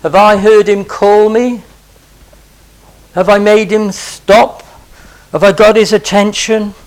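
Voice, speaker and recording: A man's voice: high-pitched, level tone, slow. A man preaching a sermon in an impassioned way, pressing his listeners with repeated urgent pleas and rhetorical questions.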